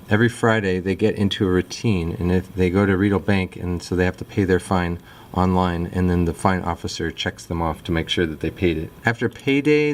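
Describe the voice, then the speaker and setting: A fifth grade teacher, a man, explaining his classroom methods in a relaxed, chatty way with frequent fillers. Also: deep voice.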